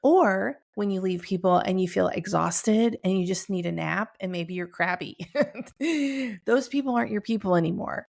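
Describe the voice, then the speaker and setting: Creaky-voiced upbeat middle-aged woman host. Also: mid-range voice, moderate pace, a little mellow. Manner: upbeat, chatty, laughs often. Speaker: podcast host. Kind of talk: casual wellness talk. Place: home room with bookshelf.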